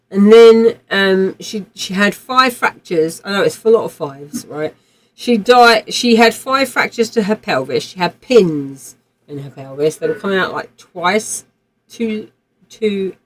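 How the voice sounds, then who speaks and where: A woman's voice: lowish voice, rough recording. A woman, streaming a game while telling a vivid personal story in a rambling way, with swearing and frequent restarts. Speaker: livestream gamer.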